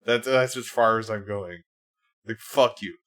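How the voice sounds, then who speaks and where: A man's voice: fairly low pitch, a little slow, fairly bright tone. Profane, heated male streamer ranting. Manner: heated, profane, many fillers. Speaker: livestream host. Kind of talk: casual political rant.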